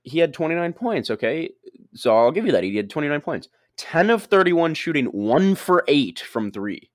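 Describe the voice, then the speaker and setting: A man's voice: a little high, big pitch swings, moderate pace, no echo, clean studio sound. A young man in a heated casual sports argument, insistent and repeating his points. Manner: insistent, reciting stats, repeats himself. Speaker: debater.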